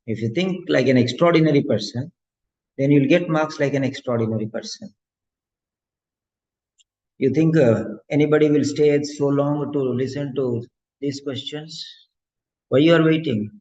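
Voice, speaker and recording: A man coaching students for an exam, giving a preachy motivational talk in a mid-pitched voice and repeating lines for emphasis. The sound is dull and lo-fi. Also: dark tone. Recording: dull lo-fi lecture audio.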